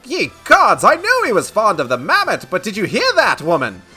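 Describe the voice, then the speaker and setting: A man doing a giddy, squeaky old nobleman. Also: wildly swooping pitch, normal speed, sharp tone, slightly rough, faint music behind, heavily acted. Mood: elated. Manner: giddy, exclaiming. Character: excitable elderly nobleman, delighted father.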